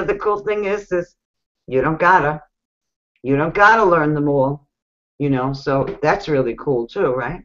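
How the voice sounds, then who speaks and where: A woman with a New York accent giving casual coaching advice, chatty and animated, laughing often. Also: rumbling low. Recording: dull lo-fi sound.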